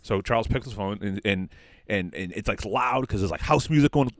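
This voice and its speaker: A man improvising a crude comic story on a podcast, rambling with many fillers and quick quoted voices. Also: lowish voice, dry recording, clean studio sound. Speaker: comedy podcast host.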